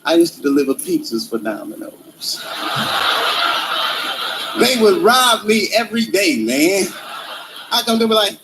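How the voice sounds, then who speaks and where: Man, stand-up comedy in role-play, very high voice, lively and swooping, profane, laughing storyteller, noisy background. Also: unhurried, long pauses.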